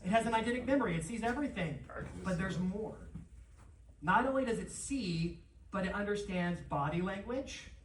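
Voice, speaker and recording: Energetic presenter in an echoey hall. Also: mid-range voice, a little hiss or hum. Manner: energetic, animated, quick to address the crowd. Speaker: conference presenter. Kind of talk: live seminar talk with audience interaction. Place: large conference room, on stage. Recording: echoey hall, voice from far off, faint ambience.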